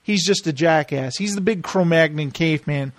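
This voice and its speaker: A man with a high-pitched voice tells stories in an animated way. He co-hosts a casual chat and keeps slipping into quick imitations of others. The recording is dry and close. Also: no room sound. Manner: animated storytelling, often mimicking others. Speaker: podcast co-host. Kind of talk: casual chat recapping a reality show.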